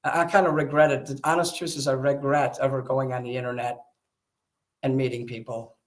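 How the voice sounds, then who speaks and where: A man's voice: medium pitch, little pitch movement, fairly quick. A man in heated casual conversation, agitated and defensive, swearing often. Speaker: streamer talking with a friend.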